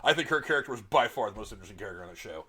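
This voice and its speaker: Middle-aged guy ranting on a podcast, talks quick, pitch jumping all over, swears a lot. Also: slightly rough. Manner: blunt, profane, animated arguing. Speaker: podcast host. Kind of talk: casual opinionated discussion.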